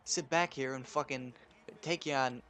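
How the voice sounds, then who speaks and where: This gaming channel host, a young man, rants casually with crude, profane stories as he plays a video game. His medium-pitched voice is a bit bright and moves at a moderate pace.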